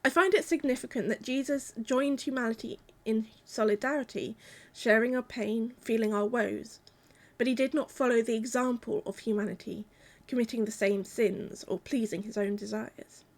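Woman, preacher, calm measured sermon, reflective, slightly high-pitched.

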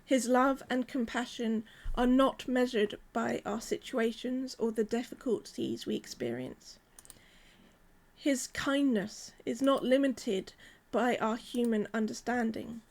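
Lady giving a sermon, gentle and earnest, fairly high voice. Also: animated, takes it slowly. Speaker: preacher.

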